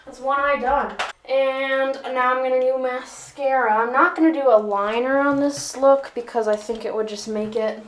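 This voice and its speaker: A woman's voice: high voice, steady tone, moderate pace, few pauses, slight background noise. A woman vlogger chatting through a makeup tutorial, rambling and making fun of herself along the way. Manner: rambling, self-mocking, joking asides. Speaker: beauty vlogger. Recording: echoey room.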